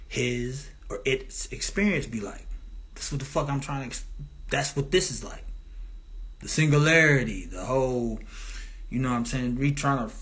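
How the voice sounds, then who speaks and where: A man's voice: medium pitch, fairly bright tone. Man, rambling profane monologue, grandiose, meandering restarts. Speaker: commentator.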